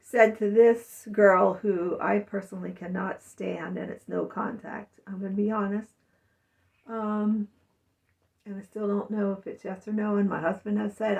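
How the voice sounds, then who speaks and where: A woman's voice: mid-range voice, level tone, normal speed, creaky, darkish tone, far from the mic, muffled recording. A middle-aged woman talking through a rambling, emotional personal monologue, sometimes mimicking her family's words. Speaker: vlogger.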